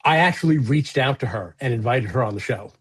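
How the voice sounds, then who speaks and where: Husky-voiced man rambling on a podcast. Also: medium pitch, lively intonation, fairly quick. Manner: rambling, profane, many fillers and restarts. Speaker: podcast co-host. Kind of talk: casual chat.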